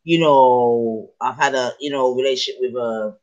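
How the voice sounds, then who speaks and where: A man talks through his views in a relaxed podcast chat. He thinks aloud, circling back to his point and asking whether the listener is with him. His voice sits at a middling pitch. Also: normal speed, muffled recording. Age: adult with children. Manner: musing aloud, keeps checking the listener follows. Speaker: podcast co-host. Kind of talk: casual chat.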